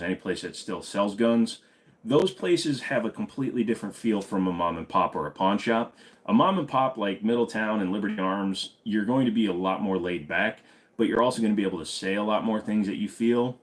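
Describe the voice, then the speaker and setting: A man hosting an unscripted live stream, chatting and joking casually, greeting viewers by name and rambling on. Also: lowish voice. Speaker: livestream host of a gun channel.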